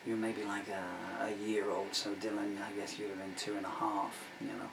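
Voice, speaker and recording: A man's voice: lowish voice, flat delivery, moderate pace, creaky, background noise. A man in his sixties who grew up in England, a singer-songwriter chatting between songs in a rambling, self-mocking way full of asides. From England, of Irish family. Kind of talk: casual chat between songs. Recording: roomy room, distant mic, guitar.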